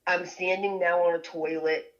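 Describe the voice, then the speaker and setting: A woman telling a story as a podcast guest, lively and laughing often as she goes. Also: lowish voice, moderate pace, lo-fi sound.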